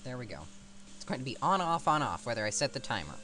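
A man's voice: medium pitch, sing-song, fast, sharp tone. A man giving casual let's-play commentary, rambling and mocking himself as he plays. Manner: rambling, self-mocking asides.

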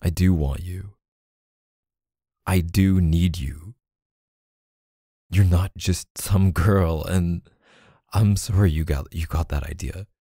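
A young man speaking softly and hesitantly in a whispered role-play, as an affectionate boyfriend. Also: low-pitched, slow pace, pauses often, husky, no echo, clean studio sound. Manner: soft-spoken, hesitant, affectionate. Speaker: ASMR boyfriend roleplay creator.

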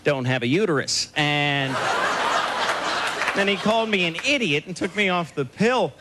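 A man performing a stand-up comedy set on a club stage, firing off deadpan one-liners with sudden loud outbursts. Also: on the high side, normal speed. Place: comedy club stage before a laughing audience. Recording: live club recording, loud crowd and noise.

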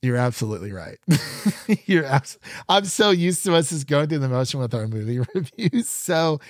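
A man's voice: fairly high pitch, very animated, normal speed, no room sound, studio quality. A man co-hosting a podcast, chatting casually and laughing often as he rambles through a review. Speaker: podcast co-host.

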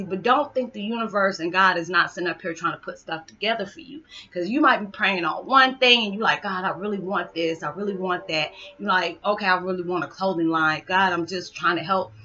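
Bright, hyper young woman vlogger, emotional. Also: mid-range voice. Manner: emotional, hyper, rambling encouragement. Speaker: spiritual vlogger. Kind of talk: heartfelt motivational talk to viewers. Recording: slightly dull lo-fi sound with faint background music.

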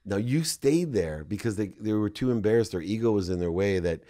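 A man's voice: fairly low pitch, lively intonation, a little fast, dark tone. A man hosting an interview, asking engaged questions and prompting his guest. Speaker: host. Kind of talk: interview conversation.

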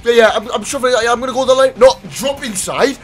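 A young man commentating his own football video game, swinging between excited shouts and low mutters, swearing freely. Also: fast talker, slightly rough, faint music behind. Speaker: gaming YouTuber. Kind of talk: live gameplay commentary.

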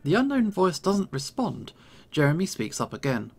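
A man reading a visual novel's narration aloud as a game streamer, steady. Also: a little high, moderate pace, creaky, husky.

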